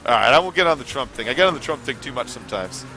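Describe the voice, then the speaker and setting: A man streaming a game live, talking off the cuff in a loose, rambling flow with casual swearing. His voice is animated and rises and falls widely in pitch. Music and game sounds play behind him. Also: rapid-fire. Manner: rambling, chatty, swears casually, reads chat aloud. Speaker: gaming livestream host. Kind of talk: live gameplay commentary.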